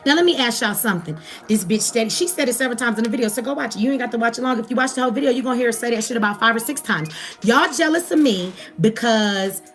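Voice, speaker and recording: A woman's voice: fairly high pitch, rapid-fire, hardly any pauses, fairly bright tone, faint music behind. A woman with an African American English accent giving a profane, heated commentary rant straight to her viewers. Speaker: commentary vlogger. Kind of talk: ranting commentary.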